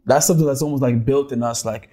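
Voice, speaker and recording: A man's voice: mid-range voice, fast talker. A man hosting a casual chat, telling stories animatedly and doubling up words as he gets going. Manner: animated storyteller, repeats words when excited.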